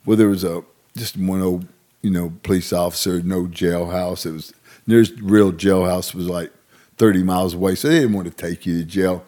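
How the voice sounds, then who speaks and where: Middle-aged man, lively raconteur, acts out the voices in his tales. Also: low-pitched, moderate pace. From Arkansas. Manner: animated, acts out voices in stories. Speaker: guest storyteller. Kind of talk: casual storytelling.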